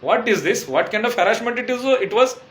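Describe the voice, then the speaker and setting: A man's voice: high voice, lively intonation, fairly quick, fairly bright tone, reverberant. A man from India with an Indian English accent, giving an urgent, pleading personal testimonial that circles back and repeats itself. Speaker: testimonial speaker.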